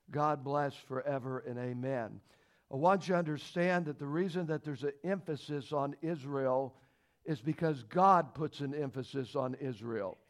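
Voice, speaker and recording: A man teaching a church Bible lesson in a fairly high voice. He talks folksy and plain, leans on rhetorical questions, and climbs louder and higher when he presses a point. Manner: emphatic, rises in pitch and volume when stressing points. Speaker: Sunday school teacher.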